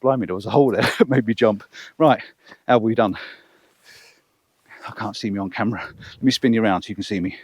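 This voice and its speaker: A man's voice: lowish voice, fast, long pauses, husky, no echo. A man testing a wireless lapel mic on an outdoor hillside, chatting and counting aloud and poking fun at himself. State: out of breath. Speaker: vlogger. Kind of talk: outdoor microphone range test vlog. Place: open hillside field with sheep, outdoors. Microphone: wireless lapel mic clipped on, far from camera.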